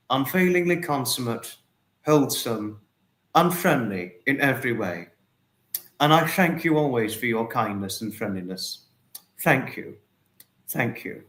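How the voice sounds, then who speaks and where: A man hosts a casual livestream and reads out viewer comments. He greets each person by name and thanks them at length. His voice sits at an ordinary middle pitch. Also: lively intonation, unhurried, long pauses, fairly bright tone. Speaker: livestream host.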